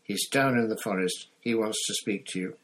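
A low-voiced, husky man voicing a panicky teenage boy wizard in a storybook reading, raising his pitch and pushing the words out urgently. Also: a bit bright, low-quality recording. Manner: raised, hurried, pleading delivery.

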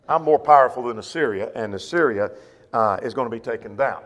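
A man's voice: mid-range voice, fairly quick. A man teaching a Bible class, reading verses and rephrasing them in plain words with rhetorical questions. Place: church classroom or auditorium. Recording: long reverb of a church hall.

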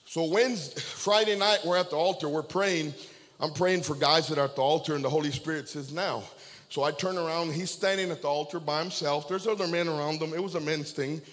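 A man's voice: a little high, brisk, fairly bright tone. A man preaching a sermon as a pastor, telling a story and calling out amen and okay to his congregation. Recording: long reverb of a large hall.

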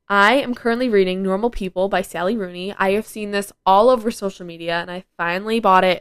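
Her voice is mid-range and clean, with no echo and studio-quality sound. She's a teenage girl hosting a casual solo podcast, rambling and chatty and leaning heavily on "like."

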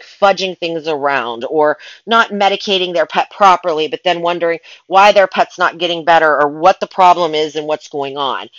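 A woman's voice: fairly low pitch, a bit bright, no echo, dull audio. A woman who works as a pet sitter and dog walker, ranting in a casual vlog in an exasperated, rambling way with many restarts.

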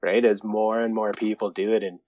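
A laid-back man with a lowish voice, talking in an easygoing way as a podcast guest. The sound is close and dry, with no room around it. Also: level tone, moderate pace, no echo, dull audio. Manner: mellow, easygoing. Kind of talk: casual chat.

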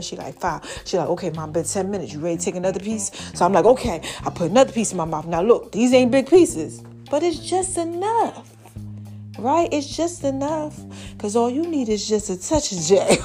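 A woman, hosting a casual faith podcast and telling a story straight to her listeners. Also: fairly high pitch. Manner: chatty, animated storytelling, addresses listeners directly. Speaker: podcast host.

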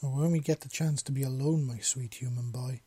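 A man reading aloud puts on a big scaly clawed creature with a deep, husky purr that sits low and soft. The voice is mellow and a little breathy. The room sounds dry and close. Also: fairly even intonation, brisk, no echo, close to an everyday voice. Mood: purring, teasing. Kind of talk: storybook reading.

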